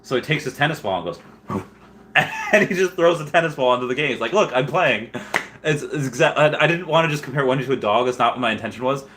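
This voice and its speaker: A man casually reading live chat and rambling about collectibles, animated and quick to laugh. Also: mid-range voice, background noise.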